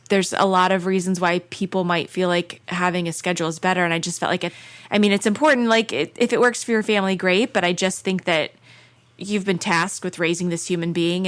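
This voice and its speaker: A woman's voice: fairly low pitch, fairly bright tone. A woman in her thirties, a podcast guest in casual chat, telling stories in an earnest, candid way. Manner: earnest storyteller, candid and frank.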